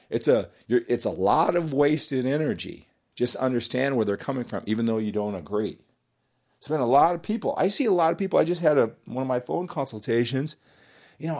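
Male motivational podcast host, slightly high voice, very lively delivery, direct and emphatic. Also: gravelly. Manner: animated, direct and emphatic, with frequent "right?" and "you know".

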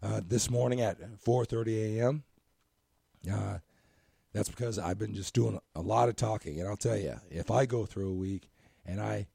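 A hoarse, scratchy-voiced man hosting a motivational podcast, talking earnestly in a rambling way and often asking "right?". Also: fairly low pitch, normal speed, mellow, no room sound, studio quality. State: hoarse from talking too much. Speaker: podcast host and coach.

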